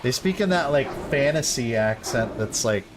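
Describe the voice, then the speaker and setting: A man's voice: mid-range voice, lively intonation, normal speed, noisy background. A young man streaming a game, chatting casually in a laid-back, rambling way full of slang. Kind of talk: casual gameplay chat.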